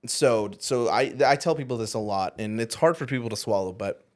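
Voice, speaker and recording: A former youth pastor who co-hosts a podcast shares a painful personal story, speaking earnestly and haltingly at a medium pitch. His sentences often trail off quietly.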